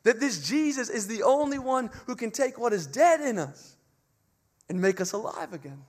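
Male preacher, high-pitched, impassioned sermon delivery with repeated emphatic phrases. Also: lively intonation, moderate pace. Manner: earnest and impassioned, with emphatic repetition; swings between soft, hushed phrases and loud climaxes. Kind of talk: Easter sermon.

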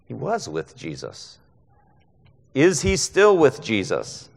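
A guest preacher delivers a conversational expository sermon, often checking in with a rhetorical "right?". His medium-pitched, creaky voice swings hugely in pitch, moving slowly with frequent pauses, and a long reverb tail follows.

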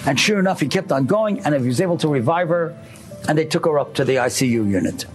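A man's voice: fairly high pitch, expressive, fast talker, faint music behind. A man preaching a sermon, telling a story earnestly and speaking straight to his listeners. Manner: earnest, addresses listeners directly.

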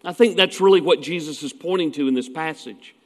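A man's voice: a little high, fairly quick, in a large hall. A man preaching a sermon as pastor, telling stories in a folksy way with asides.

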